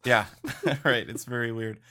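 A man's voice: medium pitch, a little slow, sharp tone. A man co-hosting a podcast in casual chat, laid-back, laughing often and saying "dude" and "like". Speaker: podcast co-host.

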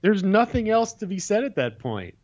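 A man's voice: high-pitched, very animated, normal speed, darkish tone. Chatty middle-aged man, slightly dull audio. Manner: chatty, rambling, laughs often. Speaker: podcast host. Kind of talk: casual chat recapping a dating show.

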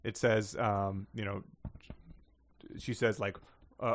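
A man's voice: fairly low pitch, little pitch movement, takes it slowly, pauses often, no room sound. A man co-hosting a comedic podcast, reading quotes aloud in a wry, mocking way and chuckling often. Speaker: podcast co-host.

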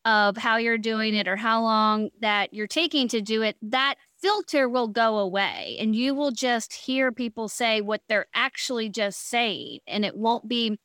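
A woman with a fairly high voice talks bluntly and frankly in a relaxed podcast chat, now and then slipping into quick quoted asides. The sound is dry and close, with no room around it. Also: clean tone, dry recording.

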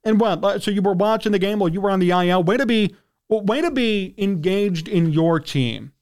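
A male sports radio host with a notably high voice launches into a heated, indignant rant. He talks like a man worked up about his team and keeps clearing his throat. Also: moderate pace, a little mellow.

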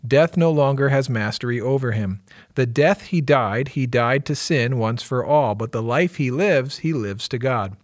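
A man's voice: medium pitch, measured pace, dry recording, studio quality. A man who is a pastor, teasing his co-hosts in podcast chat and reading scripture aloud expressively. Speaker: executive pastor.

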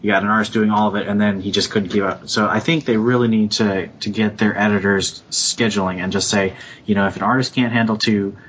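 A man's voice: steady tone, fairly quick, few pauses, a bit bright. A man co-hosting a podcast, laying out an opinion in a matter-of-fact way. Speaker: podcast co-host. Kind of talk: casual podcast chat. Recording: dull lo-fi audio with faint rumble.

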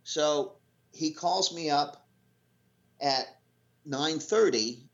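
A man's voice: fairly high pitch, very slow. Rambling storyteller man on lo-fi audio. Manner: animated storyteller, rambling with fillers and restarts. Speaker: guest telling a sailing story. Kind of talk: casual anecdote. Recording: lo-fi dull audio.

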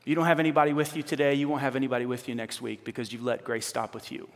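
A man preaching a sermon as pastor, animated and conversational with a teasing edge. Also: medium pitch, rapid-fire. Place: church. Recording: reverberant church hall.

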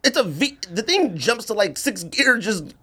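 A man co-hosting a podcast tells a story animatedly in casual chat, acting out quotes with big pitch jumps and saying "bruh" and "man" a lot. He speaks at a moderate pace with a breathy edge.

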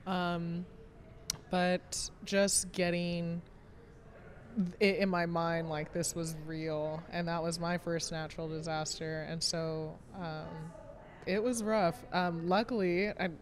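A woman in her late twenties chats easily in an interview, her voice sitting a touch low. She fills her sentences with fillers and breaks into laughs at her own remarks. A faint hum of noise runs behind her. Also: steady tone, slow pace. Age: 20s. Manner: chatty and self-deprecating, laughs often, many fillers. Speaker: vineyard manager. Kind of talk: casual interview conversation.

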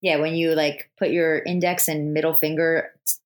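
A woman in her thirties from New Jersey, co-hosting a casual podcast chat as an animated storyteller who laughs often. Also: sits low, normal speed. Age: 30s. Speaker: podcast co-host.

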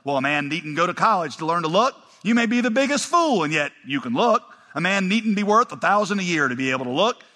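A pastor voicing a thin, plain-spoken lay preacher who pleads fervently and repeats himself, in a church. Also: male voice, sits high, very animated, quick pace, few pauses, pushed and bright, big-room sound, pitched above the performer's own voice, full character voice. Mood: earnest. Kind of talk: sermon, quoted preaching.

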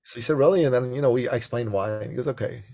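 Man, gravelly voice, mid pitch, conversational storyteller, acts out dialogue. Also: fairly even intonation, rapid-fire, dark tone.

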